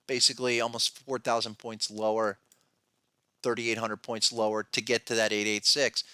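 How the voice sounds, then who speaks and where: A man's voice: lowish voice, little pitch movement, normal speed, sharp tone, smooth, no echo, studio quality. A male podcast host giving casual market commentary in an emphatic, restless way, often restarting sentences and tossing in asides. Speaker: podcast host, trading educator.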